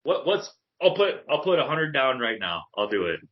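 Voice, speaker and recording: A man's voice: medium pitch, sing-song, moderate pace. A man co-hosting a casual sports podcast, teasing his friends in a playfully combative way. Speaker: podcast co-host. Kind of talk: casual chat. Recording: dull lo-fi podcast audio.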